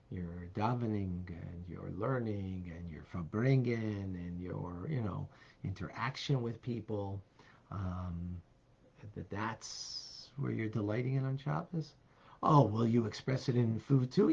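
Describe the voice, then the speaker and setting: A man teaching as a rabbi, answering a question casually with many fillers and soft laughs. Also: on the low side, dull audio.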